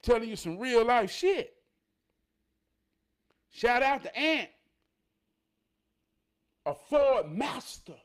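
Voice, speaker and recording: A man with a notably high voice delivers a motivational monologue. He preaches through stories, swinging from raised, emphatic passages to low, murmured asides. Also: very animated, slow pace, long pauses, smooth. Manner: preachy, storytelling, swings from loud to near-murmur. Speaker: motivational speaker.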